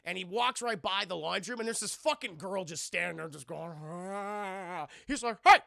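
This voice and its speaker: A man's voice: sits high, fast talker, creaky, pushed and bright, no echo, studio quality. A man casually recapping a horror film for his live chat, swearing freely and acting out the scenes. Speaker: livestream film reviewer.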